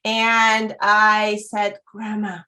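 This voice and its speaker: A woman's voice: medium pitch, very slow. A woman guest on a podcast, chatting casually and acting out the voices in her stories, with frequent fillers. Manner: animated storyteller who acts out quoted voices. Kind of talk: casual chat.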